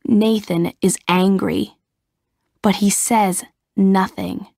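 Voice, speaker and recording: A woman narrates a simple story at a very slow, careful pace, shaping each word clearly. The sound is close and dry, with no room around the voice. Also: mid-range voice, a little mellow, no room sound. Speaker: audiobook narrator. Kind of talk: scripted narration of a graded reader story.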